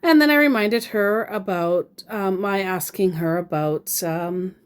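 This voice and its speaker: A woman's voice: medium pitch, a little slow, smooth. A woman from Queensland giving dry, exasperated commentary as she reads out a chat with a scammer. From Queensland, Australia. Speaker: scambaiter. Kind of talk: reading out and commenting on a scam chat.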